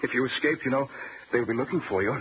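A man's voice: mid-range voice, fast, natural voice. A man playing a frightened pleading husband. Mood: nervous. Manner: stammering, placating. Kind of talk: 1940s radio acting. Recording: dull old radio broadcast, faint hiss.

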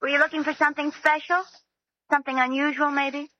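An actress playing a playful, teasing young housewife in a 1940s radio sitcom. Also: female voice, sits high, little pitch movement, fast, pushed and bright. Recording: hissy lo-fi old radio recording.

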